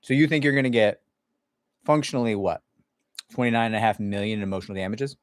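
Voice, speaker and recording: Blunt sarcastic man with a low voice. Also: quick pace, no room sound, studio quality. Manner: blunt, sarcastic, acts out others in mock voices. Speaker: employment attorney and mediator. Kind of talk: casual livestream Q&A.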